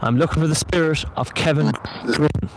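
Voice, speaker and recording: A man's voice: fairly high pitch, brisk, gravelly, noisy background. A man working as a paranormal investigator, calling out to spirits outdoors at night near beehives and talking to his chat in a coaxing, repetitive way.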